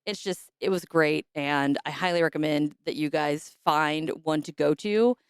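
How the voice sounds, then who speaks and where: Raspy hoarse lady podcaster, low voice, dry close mic, lots of ums. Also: moderate pace, no echo. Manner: chatty, rambling, with frequent fillers. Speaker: podcast host. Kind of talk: casual podcast announcements.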